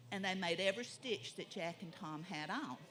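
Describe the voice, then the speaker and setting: A woman's voice: fairly low pitch, a bit bright. Folksy woman storyteller. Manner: folksy, drawn-out telling. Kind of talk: oral folk storytelling.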